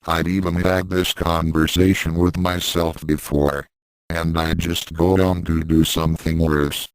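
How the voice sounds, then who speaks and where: A man's voice: low voice, flat delivery, measured pace, clean tone, no room sound, voice pushed down, rough recording. A man reading fan fiction aloud and voicing a hot-tempered young fighter with a defensive, frustrated manner. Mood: guilty. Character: young martial artist boy, guilty and hot-tempered.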